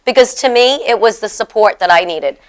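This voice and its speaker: Chatty middle-aged woman, smooth voice. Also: medium pitch, a little fast. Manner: chatty, animated storyteller. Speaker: host. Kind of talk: casual chat.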